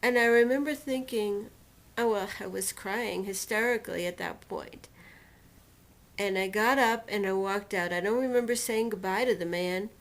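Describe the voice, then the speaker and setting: A woman recounting a painful personal experience in a storytelling manner, slowly and deliberately, acting out what was said to her. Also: mid-range voice. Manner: emotional retelling, quotes others and herself dramatically. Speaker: personal testimonial speaker.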